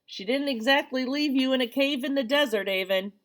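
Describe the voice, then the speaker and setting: Woman reader as gentle teen boy, light teasing, storybook read-aloud. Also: high-pitched, fairly quick, pitched above the performer's own voice.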